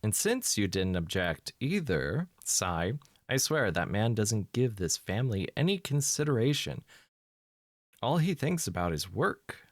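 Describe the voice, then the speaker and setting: Bitter, nagging game mom, exasperated complaints, read by a man in his own low voice. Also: sing-song, unhurried, no echo, clean studio sound. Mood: complaining. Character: nagging middle-aged mother, bitter about husband.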